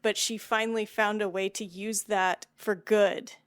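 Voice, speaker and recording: Brief: woman film-podcast co-host, chatty and quick to laugh, medium pitch, close dry mic. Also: level tone, smooth, no room sound. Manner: chatty, laughs often, self-deprecating asides. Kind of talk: casual film review chat.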